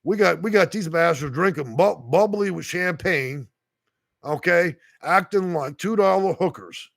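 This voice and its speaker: A gravelly-voiced man rants angrily on a livestream, profane and worked up, laughing now and then as he reads the chat. His voice sits a little high for a man, and the recording is close and dry in a small room. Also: a little slow, fairly bright tone, no room sound. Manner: heated, profane, street talk with laughs. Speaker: housing consultant, livestream host. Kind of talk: angry livestream rant reading chat.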